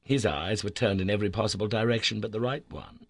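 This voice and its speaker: A man narrating a classic adventure novel in a measured, steady way. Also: fairly low pitch, dry recording, studio quality. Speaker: audiobook reader.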